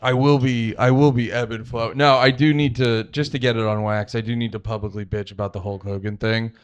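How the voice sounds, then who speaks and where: A man's voice: mid-range voice, steady tone, clear, resonant tone. A man co-hosting a podcast, ranting in casual banter, swearing freely and laughing easily. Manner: ranting, profane, quick to laugh. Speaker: podcast co-host.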